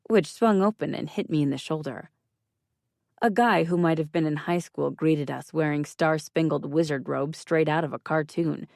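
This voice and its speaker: Low gravelly woman reading an audiobook, slow, dry wry tone. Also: a little mellow, no echo. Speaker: audiobook narrator. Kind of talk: first-person audiobook narration.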